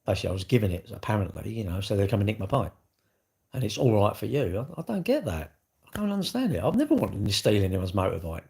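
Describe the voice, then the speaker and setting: A man's voice: lowish voice, sing-song, fast, vocal fry, a little mellow. A man talking in a casual, rambling vlog monologue, full of rhetorical questions. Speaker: vlogger.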